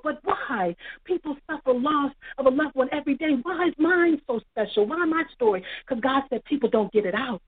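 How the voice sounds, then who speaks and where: A woman's voice: a little high, moderate pace, husky, no echo. A middle-aged woman giving an emotional personal testimony in a preacherly way, repeating phrases for emphasis. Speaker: author guest. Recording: tinny phone-line sound.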